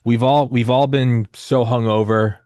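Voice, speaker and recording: A man's voice: medium pitch, steady tone, unhurried, darkish tone, dry recording, clean studio sound. A man in his thirties telling a long personal story in casual conversation, rambling and profane with many restarts and fillers. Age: 30s.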